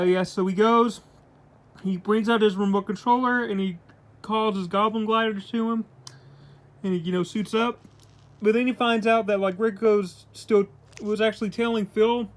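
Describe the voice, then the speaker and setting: A man's voice: sits high, fairly even intonation, moderate pace. A man giving a casual comic book review, retelling the plot with lots of "like" and "uh" and paraphrasing the characters' lines in his own voice. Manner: rambling retelling full of "like" and "uh".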